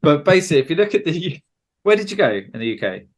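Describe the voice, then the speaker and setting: A man's voice: a little high, sing-song, fast. Chatty southern English man. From England. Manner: chatty, jokey, slips into mock regional accents. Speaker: podcast host. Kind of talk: casual podcast chat.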